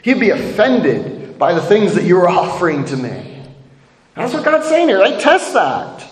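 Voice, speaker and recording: Animated man preaching in echoey hall. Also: high voice, measured pace. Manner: conversational preaching with frequent "right?" asides. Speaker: pastor. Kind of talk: sermon. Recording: echoey hall with long reverb.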